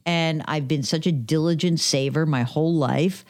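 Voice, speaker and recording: A woman's voice: low voice, moderate pace, darkish tone. A woman guest on a talk podcast, telling stories about personal finance, chatty and acting out quoted dialogue. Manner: chatty, acts out quoted dialogue, many fillers. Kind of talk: conversational podcast storytelling.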